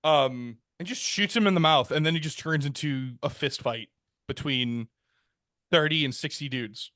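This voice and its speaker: A man co-hosting a podcast, casually retelling a history story in a rambling, laid-back way, often saying "um" and "like" and jumping his pitch to act out the people in it. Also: normal speed, a bit bright, no room sound, studio quality. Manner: acts out quoted characters with jumps in pitch. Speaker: podcast co-host.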